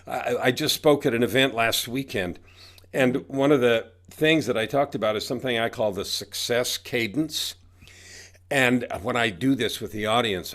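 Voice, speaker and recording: A man's voice: medium pitch, normal speed, a bit bright. A man in his sixties, an author and coach, talking in an emphatic, preachy way as a podcast guest and repeating his catchphrases. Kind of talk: motivational podcast interview.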